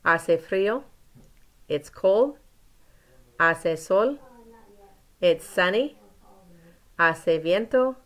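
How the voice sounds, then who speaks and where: A woman teaching a recorded lesson, modelling words slowly and clearly and pausing for learners to repeat. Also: on the low side. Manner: slow, clear pronunciation drills with pauses. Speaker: Spanish teacher.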